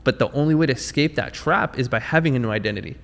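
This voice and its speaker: A man's voice: mid-range voice, fast, vocal fry, fairly bright tone. Male podcast host, motivational, enthusiastic, reverberant room. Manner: enthusiastic, motivational, addresses the audience. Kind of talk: interview.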